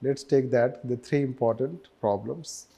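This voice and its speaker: A man's voice: medium pitch, unhurried, vocal fry, mellow, slightly rough. A man with an Indian English accent giving a lecture, often repeating phrases and switching into Hindi, with wry sarcastic asides. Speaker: teacher.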